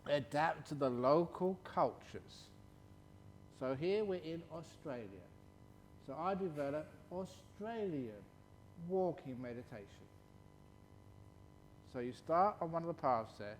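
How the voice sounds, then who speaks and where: A male Buddhist monk gives a playful dharma talk at a retreat and fields questions, chuckling and drawing words out slowly for emphasis. His voice sits fairly high and is animated, with a faint hiss or hum in the audio.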